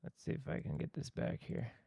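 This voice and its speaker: A man's voice: brisk, mellow. A man hosting a casual livestream, chatting and joking with viewers between clips. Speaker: host reacting to a voice lesson.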